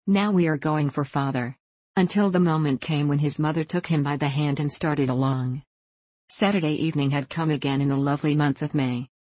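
Low-voiced woman narrating a storybook. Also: no room sound. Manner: calm, measured reading. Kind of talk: audiobook narration.

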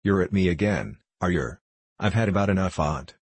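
Guy doing a grumpy miner, gruff and sulky, low husky voice. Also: expressive, normal speed, no room sound. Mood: indignant. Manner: gruff, blustering, broad dialect speech. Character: sulky, defensive male coal miner, middle-aged.

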